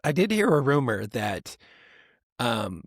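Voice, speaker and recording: A man co-hosting a podcast in casual chat, rambling and animated, often mimicking other people's voices for laughs. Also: mid-range voice, slow pace, husky, dry recording, clean studio sound. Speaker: podcast co-host.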